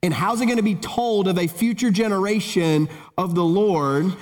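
A man preaching a sermon, swinging between urgent raised lines and low solemn ones as he reads and explains scripture. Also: moderate pace. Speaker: pastor. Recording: long hall reverb.

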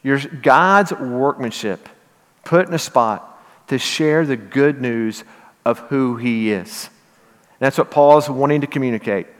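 A man's voice: medium pitch, a little slow, in a large hall. A middle-aged man with a Western Kentucky accent, preaching a sermon in an earnest, conversational way that rises to emphatic peaks. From Southern Illinois. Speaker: pastor.

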